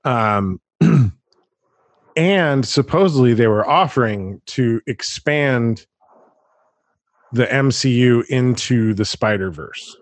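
Podcast host, man, mid-pitched, chatty and animated, dry close sound. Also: takes it slowly, pauses often, dry recording. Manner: animated, chatty, laughs often. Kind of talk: casual chat.

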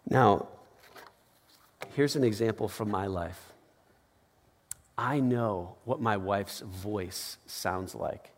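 Male pastor, conversational sermon, animated storytelling, long hall reverb. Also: on the low side, takes it slowly, pauses often. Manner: conversational, animated, acts out quotes with laughs.

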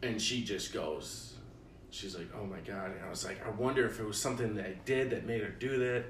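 A young man from Illinois tells a story with a low voice, acting out every line of dialogue and laughing as he goes. He sits a bit back from the mic in a roomy space, with faint ambience behind him. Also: fairly quick, recorded from a distance, slight background noise. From Illinois, USA. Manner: animated storyteller, acts out quotes, laughs often. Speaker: podcast host. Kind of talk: casual storytelling chat.

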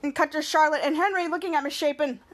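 A woman's voice: sits high, steady tone, quick pace, very noisy. A woman hosting a podcast, casually recapping a TV episode in a rambling, play-by-play way with frequent restarts. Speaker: podcast host.

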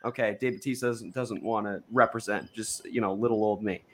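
A man's voice: lowish voice, steady tone, brisk. Rambling, self-mocking podcast man. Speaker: podcast host. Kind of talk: casual chat.

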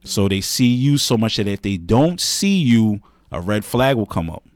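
A man's voice: lowish voice, big pitch swings, normal speed, a little mellow. A man co-hosting a podcast, giving earnest advice in a casual chat, often repeating himself and saying "man" and "you know what I mean". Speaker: podcast co-host.

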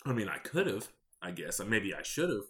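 A man in his thirties, a podcast host, telling candid stories in a casual, rambling, deadpan way. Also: on the low side, normal speed. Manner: candid, rambling, deadpan about odd customers. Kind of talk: casual storytelling monologue.

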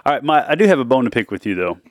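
A middle-aged man hosting a casual family podcast, playful, teasing and quick to laugh. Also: medium pitch, very animated, dry recording, studio quality. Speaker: podcast host and father.

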